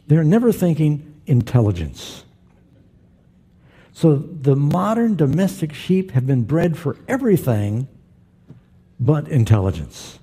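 A man's voice: a little high, warm tone, breathy edge. A middle-aged man preaching a sermon as pastor, telling stories with humor and putting questions to his congregation. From Southern California.

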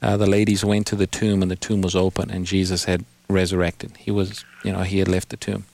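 A man hosting a call-in radio Bible program, patiently explaining scripture and slowing down to quote verses. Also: low voice, flat delivery, creaky, darkish tone, no room sound. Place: radio studio.

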